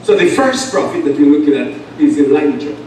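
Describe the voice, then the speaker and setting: High-voiced Antiguan preacher in echoey church. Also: male voice, very animated, darkish tone, slight background noise. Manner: emphatic preaching with call-and-response and long pauses. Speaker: pastor. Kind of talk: sermon. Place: church sanctuary. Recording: echoey church sound from far off.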